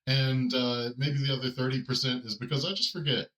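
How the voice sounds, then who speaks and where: A man's voice: medium pitch, steady tone, brisk, fairly bright tone, echoey room, low-quality recording. A man on a podcast call, explaining his game choices in a hesitant, rambling way. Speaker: podcast co-host and player. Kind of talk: casual group chat. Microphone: remote call mic.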